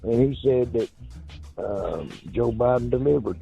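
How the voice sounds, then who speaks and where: A man's voice: mid-range voice, measured pace, creaky, dark tone, highs cut off, faint music behind. A man calling a radio show, indignant and repeating his points. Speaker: caller. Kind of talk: call-in radio message.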